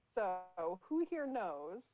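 A woman's voice: a little high, sing-song, slow, dark tone, a little hiss or hum, rough recording. Woman host leading a casual chat. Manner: explanatory, leads topics.

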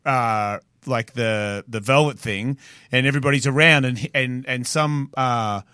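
A man's voice: mid-range voice, a little slow, sharp tone, smooth, dry recording, studio quality. A man in his forties with an Australian accent, a podcast guest telling rambling stories in a blunt, profane way. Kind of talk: casual chat.

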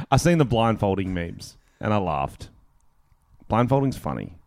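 A young man co-hosting a podcast in casual comedic chat, crude, joking and quick to laugh. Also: lowish voice, big pitch swings, a little mellow, dry recording. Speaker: podcast co-host. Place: indoors, in the same room as his co-host.

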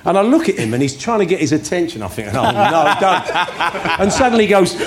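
A man with a London accent telling a lively anecdote on a live podcast. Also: high-pitched, brisk, crowd noise. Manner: animated storytelling. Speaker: podcast co-host.

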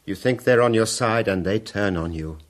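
An actor playing a sly, mocking fire captain in a radio drama, quoting verse in a smooth, taunting manner. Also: male voice, on the low side, normal speed, natural voice. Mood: coaxing. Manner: silky, taunting, quotes verse at length.

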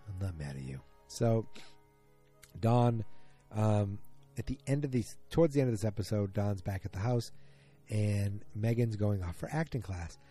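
A man's voice: lowish voice, dark tone. A man casually recapping a TV episode, rambling with lots of fillers and restarts.

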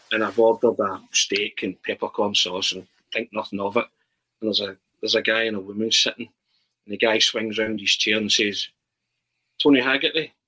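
A man, a podcast guest chatting casually and telling animated stories with many restarts. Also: lowish voice, breathy edge, rough recording. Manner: animated storyteller, frequent restarts. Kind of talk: casual chat.

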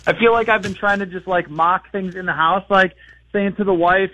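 High-voiced man joking on sports radio. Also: normal speed, pushed and bright, muffled recording, a little hiss or hum. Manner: rambling, joking, laughs often. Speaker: football writer and podcast host, guest. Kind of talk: casual sports radio chat.

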